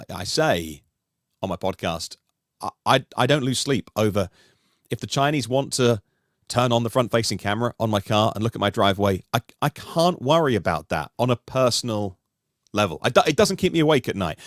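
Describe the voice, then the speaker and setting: A man talking through a podcast discussion in an animated, rambling way, with many restarts. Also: lowish voice, dry recording, clean studio sound. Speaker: podcast host, guest panelist.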